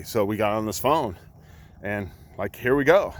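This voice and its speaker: A man's voice: lowish voice, lively intonation, moderate pace. Man, middle-aged, blunt and profane, heated casual talk, outdoors, faint street noise. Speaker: coach. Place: outdoors by a road.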